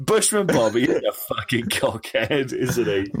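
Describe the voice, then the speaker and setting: A man's voice: mid-range voice, very animated, a little slow, a loud crowd. A man co-hosting a podcast in casual chat, wry and dry, swearing now and then. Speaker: podcast co-host.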